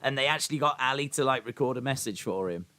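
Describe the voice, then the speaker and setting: A man's voice: medium pitch, lively intonation, fast talker, pushed and bright. A man hosting a live watch-along stream. He reads chat messages aloud and rambles in a self-deprecating way.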